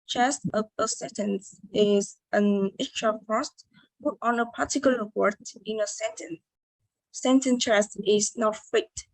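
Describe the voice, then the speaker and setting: A young Vietnamese woman gives a class presentation on word stress, reading carefully with hesitations and restarts. Her voice is fairly high with a steady tone and measured pace. The recording is dry and the audio is poor.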